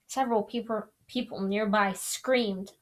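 A woman's voice: medium pitch, steady tone, a little slow. A young woman reading a novel aloud in a casual, apologetic way, often restarting lines. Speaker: reader. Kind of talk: amateur audiobook reading.

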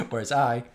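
A man co-hosting a casual comedy podcast, teasing his co-host with dry banter. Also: sits high.

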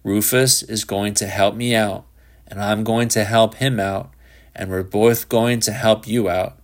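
A lower-pitched, earnest grown man who lectures with insistent, slightly preachy conviction, as a male reader puts him on. He is a self-righteous do-gooder father in a storybook reading. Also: fairly even intonation, a little slow, close to an everyday voice. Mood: lecturing.

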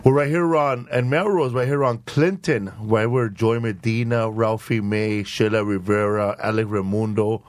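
A man's voice: lowish voice, fairly even intonation, normal speed, hardly any pauses, no room sound. A man hosting a podcast in a studio, joking around loosely and swearing casually. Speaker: podcast host. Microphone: studio microphone.

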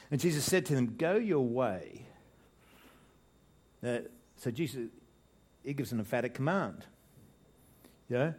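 An Australian pastor at the pulpit speaks at a moderate pace in a mid-range voice, letting it swell loudly on key words. His sermon has an easy, animated rhythm, with jokes and sentences he cuts off and begins anew.

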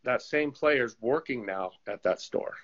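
A man, a former goalkeeper turned coach, telling animated stories in a casual interview and acting out the voices of people he quotes. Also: mid-range voice, unhurried, a little hiss or hum. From United States. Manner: animated storyteller who acts out quoted voices. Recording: slightly dull lo-fi sound.

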